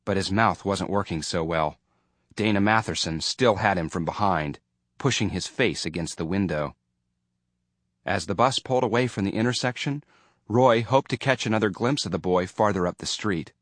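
Low-voiced man reading an audiobook. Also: normal speed, fairly bright tone, no room sound, studio quality. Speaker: audiobook narrator. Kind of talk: scripted narration.

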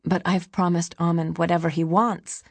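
A woman's voice: on the low side, level tone, moderate pace, no echo. A woman reading the lines of a grieving young boy prince in an audiobook. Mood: pleading. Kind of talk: audiobook character voice.

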